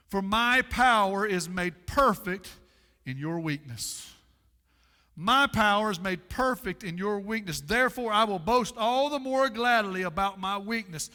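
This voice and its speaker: A man preaching a sermon as pastor, with dramatic pauses and lots of repetition, in a church sanctuary. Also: high voice, sharp tone, in a large hall.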